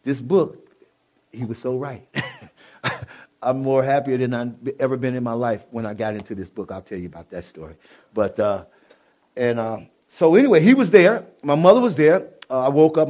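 A middle-aged man from Illinois telling his personal testimony to an audience, animated, swinging from loud bursts to low, quiet asides, with many restarts. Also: moderate pace. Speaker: speaker giving a personal testimony. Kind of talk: spoken testimony to a live audience.

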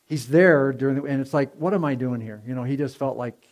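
Male preacher, gravelly tone, chatty storytelling sermon with lots of "you know" fillers. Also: medium pitch, fairly quick. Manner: conversational, many fillers and restarts, rising in intensity. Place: church before a congregation.

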